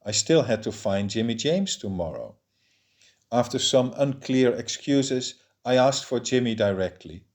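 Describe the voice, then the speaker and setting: This male audiobook narrator reads from a novel in a mid-range voice. His delivery stays measured and even throughout.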